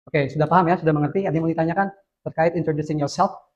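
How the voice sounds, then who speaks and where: A man's voice: a little high, fairly even intonation, racing, a little mellow, slightly rough, dull audio. A male university English lecturer with an Indonesian accent, quizzing students one by one in a classroom and mixing Indonesian with English. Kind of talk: classroom teaching.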